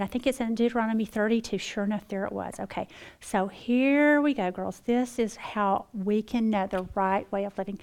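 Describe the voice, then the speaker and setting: A middle-aged woman, giving a folksy devotional talk to a women's group. She moves between hushed asides and loud, lively bursts. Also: medium pitch, a little fast. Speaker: women's Bible teacher.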